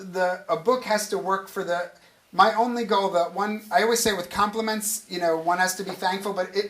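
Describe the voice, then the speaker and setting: A man's voice: sits high, fairly bright tone. A man, an author talking on stage at a literary event, who rambles, restarts his sentences and chuckles as he goes. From United States. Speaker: author being interviewed. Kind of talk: casual onstage talk.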